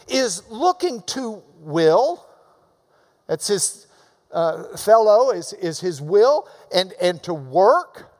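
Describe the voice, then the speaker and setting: A man preaching a sermon in a church. He talks emphatically, swinging between loud urging and quiet asides. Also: sits high. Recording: long reverb of a large hall.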